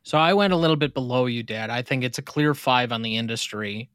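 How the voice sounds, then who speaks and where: A man's voice: mid-range voice, brisk, fairly bright tone, smooth, dry recording, studio quality. A man co-hosting a casual film podcast, chatting with his parents about a classic movie. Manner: reads movie quotes with playful theatrical delivery. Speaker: podcast co-host.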